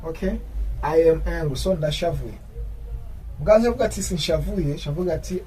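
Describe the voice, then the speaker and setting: A man teaching an English grammar lesson, explaining in his own language and repeating English example sentences slowly. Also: on the high side, a little mellow, far from the mic, a little hiss or hum, low-quality recording.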